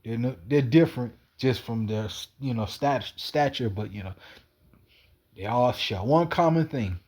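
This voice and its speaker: A man's voice: mid-range voice, measured pace, a little mellow. A man in a rambling, wandering monologue, repeating himself and swearing casually. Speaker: cat feeder.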